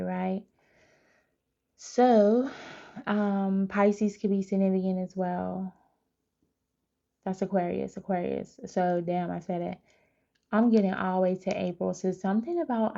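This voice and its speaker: Gravelly, chatty woman giving a psychic reading. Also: medium pitch, highs cut off. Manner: chatty, animated, talks straight to viewers. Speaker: tarot reader.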